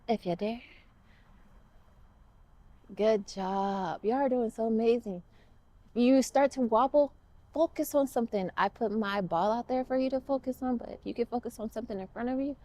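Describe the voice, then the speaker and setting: A woman's voice: a little high, darkish tone, dry recording. A woman teaching a children's yoga class, guiding poses with upbeat, playful encouragement while moving along. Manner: talks along as she moves through poses.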